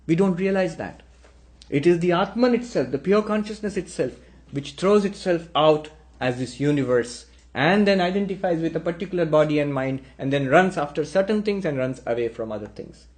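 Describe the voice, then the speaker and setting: A man telling a spiritual story, animating the dialogue with lively voices. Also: fairly high pitch, a little fast. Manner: animated storyteller acting out characters. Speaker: spiritual speaker. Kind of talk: storytelling talk.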